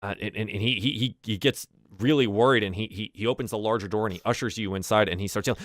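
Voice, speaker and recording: A man narrating a tabletop game as game master, halting and repeating words as he describes scenes. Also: fairly low pitch, a bit bright, no echo, studio quality. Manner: halting, many fillers and restarts.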